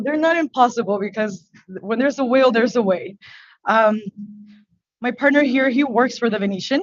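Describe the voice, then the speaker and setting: A woman speaking English as her second language, a business owner testifying before a board in a halting, earnest, emotional way. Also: fairly high pitch, no room sound, highs cut off. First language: not English. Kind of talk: testimony at a public hearing. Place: hearing room.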